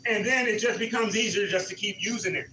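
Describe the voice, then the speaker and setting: A man's voice: sits high, fast, sharp tone, roomy sound, recorded from a distance, a little hiss or hum, low-quality recording. A man leading a senior exercise class, counting reps and coaching encouragingly. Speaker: senior fitness instructor. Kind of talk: live exercise class instruction. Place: community center exercise room.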